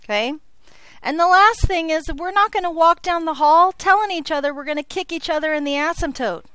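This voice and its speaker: A woman teaching algebra to a classroom, quick with a joke and always checking that the students follow along. Her voice sits high and bright in pitch. The sound is dry and close, with little room echo. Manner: playful, jokey, checks in with frequent "okay?". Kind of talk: classroom lecture.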